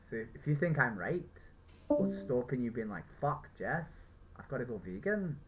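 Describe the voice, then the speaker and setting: A woman's voice: extremely low pitch, big pitch swings, moderate pace, husky, dull audio, soft background music. Woman arguing in a put-on Northern Irish accent. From England. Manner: persistent, argumentative, questioning. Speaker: vegan street activist. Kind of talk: street debate.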